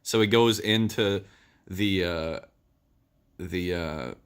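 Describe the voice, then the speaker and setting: A man's voice: low-pitched, takes it slowly, a bit bright, smooth. A man giving a casual movie review, rambling through the plot with lots of "uh" and "um". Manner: rambling plot retelling with many fillers.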